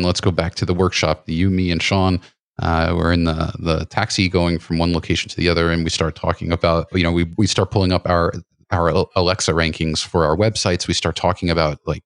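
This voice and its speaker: A man with a very deep voice hosting a podcast interview. He chats casually and rambles, restarting his sentences and filling pauses with "like" and "um." The sound is dry and close to the mic. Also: no room sound. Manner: rambling, many restarts and fillers. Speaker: podcast host.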